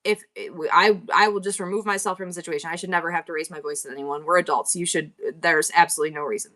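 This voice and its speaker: A woman's voice: lowish voice, steady tone, fast talker, sharp tone. A middle-aged woman hosting a live selling stream, talking candidly and rambling with frequent laughs. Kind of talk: casual live-stream chat.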